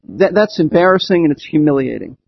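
High husky-voiced male preacher. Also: sing-song, brisk. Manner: earnest, repeats key points for emphasis. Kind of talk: sermon. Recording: dull lo-fi recording.

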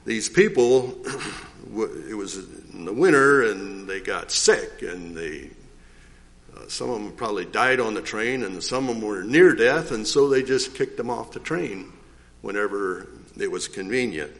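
A man's voice: fairly low pitch, animated, a little slow, a bit bright. Older man giving folksy testimony. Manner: rambling, folksy storytelling with frequent throat clearing. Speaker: church member giving testimony. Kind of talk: informal testimony.

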